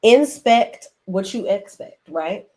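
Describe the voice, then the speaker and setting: A woman hosting a casual recap chat, animated, acting out characters' lines in a raised voice. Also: mid-range voice, slow. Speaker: show review host.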